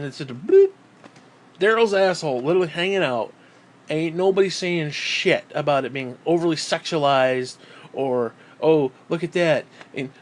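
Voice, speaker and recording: A man ranting angrily as a gaming channel host, swearing constantly, repeating himself and mocking others in put-on quoted voices. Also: fairly high pitch. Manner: profane, heated, repetitive. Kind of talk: angry rant.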